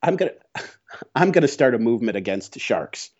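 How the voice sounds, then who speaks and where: A man's voice: mid-range voice, big pitch swings, normal speed, a little mellow, dull audio. A man co-hosting a podcast who jokes and riffs in casual banter. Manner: joking and riffing. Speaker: podcast co-host. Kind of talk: casual chat.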